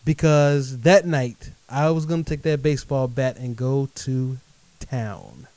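A middle-aged man telling a true story in a lively monologue, speaking directly to his listeners. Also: medium pitch, unhurried, no echo. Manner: animated, addresses audience directly as folks.

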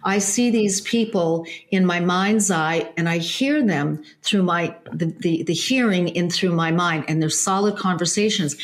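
A woman telling a personal story in an earnest, halting way, with fillers and restarts. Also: fairly low pitch, lively intonation. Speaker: guest. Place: Laguna Beach area.

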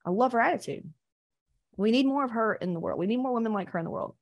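A woman coaching on weight loss in a blunt, profane, animated motivational talk. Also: a little high, quick pace.

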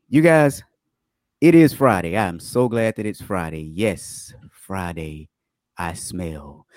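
A man's voice: fairly low pitch, darkish tone, dry recording, studio quality. A man hosting a livestream, chatting upbeat with viewers and greeting them by name before reading fraud news stories. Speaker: livestream host.

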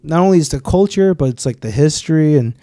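A man's voice: fairly high pitch, expressive, fast, mellow, dry recording, studio quality. A man co-hosting a casual chat, throwing in joking asides and lots of mm-hmms.

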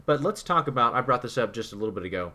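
A man's voice: medium pitch, animated, rapid-fire, bright, forceful tone. A man co-hosting a podcast in casual chat, rambling and repeating words as he thinks. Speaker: podcast co-host.

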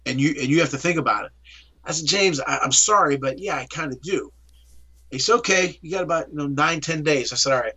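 Here a middle-aged man from the Pittsburgh region speaks fairly quickly, his voice husky and fairly high. As an interview guest, he narrates his story in a lively way, performing the dialogue.

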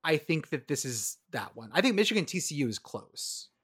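A man hosts a casual podcast conversation. His voice sits a touch high, and he talks in a playful, deadpan way. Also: normal speed, husky. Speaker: podcast host. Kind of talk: casual chat.

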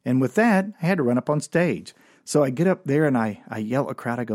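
A man's voice: medium pitch, quick pace, a little mellow, no echo, studio quality. A man hosting a podcast and telling his own comedy stories from memory, rambling and self-deprecating with lots of fillers. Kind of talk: comic storytelling from memory.

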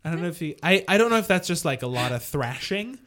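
A man's voice: a little high, expressive, fast, a bit bright. A man on a podcast telling casual anecdotes in a rambling way, with lots of "like" and "you know" fillers. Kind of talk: casual storytelling.

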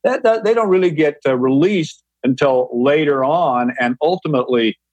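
A man's voice: fairly high pitch, moderate pace, a little mellow, no echo, dull audio. A man speaking as a guest, explaining things patiently in an interview, often restarting and repeating words. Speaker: guest, mushroom grower.

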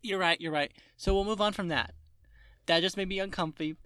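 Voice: medium pitch, a little fast, smooth. Fired-up cursing podcast ranter. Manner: animated ranting with profanity and mock quotes. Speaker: podcast co-host. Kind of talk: casual chat.

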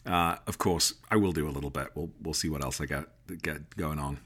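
A man's voice: rumbling low, a little fast, a bit bright, husky. An English man in his thirties hosting a casual podcast, chatty and jokey as he wraps up the episode. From Britain. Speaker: podcast host.

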